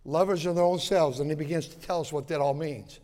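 A fairly high-voiced male pastor preaching with emphatic, repetitive phrasing and homespun asides. His voice carries a long reverb through a church sanctuary. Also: steady tone, fairly quick, warm tone. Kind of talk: sermon.

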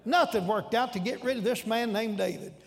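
A man with a very high voice preaches a sermon, retelling stories in a folksy, animated manner that jumps into loud shouts. His voice rings with a long reverb, as in a large church hall. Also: fairly quick, gravelly.

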